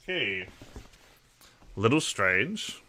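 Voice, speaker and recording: A man's voice: lowish voice, very animated, very slow, pushed and bright. A man from Australia with an Australian accent, hosting a casual livestream and chatting bluntly and profanely with his viewers. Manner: blunt, profane, talks to chat. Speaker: livestream host.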